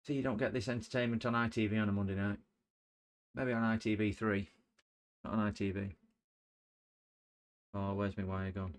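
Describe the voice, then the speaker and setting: A man's voice: on the low side, flat delivery, moderate pace, long pauses. A middle-aged man streaming a repair, chatting jokily and rambling as he works. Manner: jokey, rambling, sings and hums to himself. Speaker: livestreamer repairing electronics. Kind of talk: casual chat while working.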